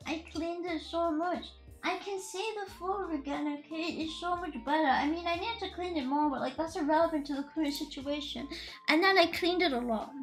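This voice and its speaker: Super high bright girly voice, woman streamer being silly and giggly, lofi music faint in the back. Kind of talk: casual chat stream.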